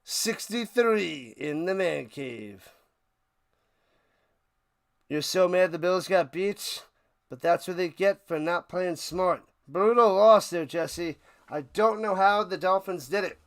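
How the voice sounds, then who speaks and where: A man hosting a live watch party, calling plays casually and chatting with viewers, bursting into loud hype on big plays. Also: sits high, unhurried, smooth. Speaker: watch party play-by-play host. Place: home room, his man cave.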